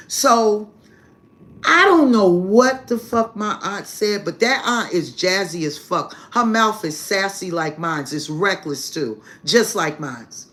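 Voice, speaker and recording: A woman's voice: on the low side, a bit bright. A woman hosting a live stream, telling a family story in casual, brash and profane language, laughing heartily and calling her listeners "baby".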